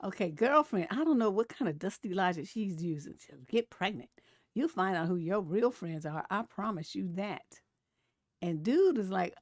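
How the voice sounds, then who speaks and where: A woman's voice: medium pitch, moderate pace, dry recording, clean studio sound. A woman over forty hosting a live stream, chatting casually about memes and posts and laughing often. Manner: chatty and animated, laughs often, reads comments aloud. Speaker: relationship coach and live-stream host.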